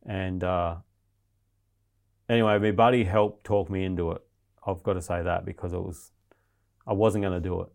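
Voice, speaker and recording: A man's voice: sits low, fairly even intonation, moderate pace, gravelly, long pauses, a little mellow. A man, a guest in an interview, telling a story in a blunt, rambling way with heavy swearing.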